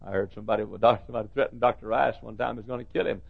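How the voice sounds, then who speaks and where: Gravelly preacher man on old tape. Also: racing, phone-quality sound. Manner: swings from soft storytelling to high shouted cries. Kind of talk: revival sermon.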